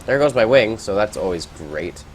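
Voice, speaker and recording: Low-ish guy rambling through a flight game, swears when stuff goes wrong, faint hiss behind. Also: lively intonation, normal speed. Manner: rambling, reactive, swears at surprises. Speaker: gameplay commentator. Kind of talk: casual gameplay commentary.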